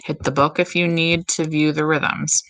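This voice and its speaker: A woman music teacher giving slow, step-by-step instructions in a recorded tutorial for her students. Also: deep voice, little pitch movement, a bit bright, poor audio.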